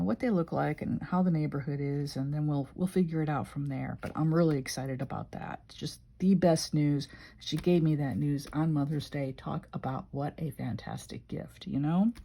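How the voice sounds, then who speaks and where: A woman's voice: low voice, gravelly, warm tone. An older woman from Illinois chatting casually and emotionally as she flips through her journal. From Illinois, USA. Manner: rambling, emotional, conversational. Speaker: journaling vlogger.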